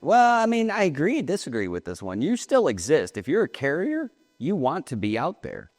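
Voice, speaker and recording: A man's voice: a little high, wildly swooping pitch, normal speed, hardly any pauses, darkish tone. A man co-hosting a casual panel talk at a trade show, blunt and emphatic with strong opinions. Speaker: podcast co-host. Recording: close mic with long hall reverb.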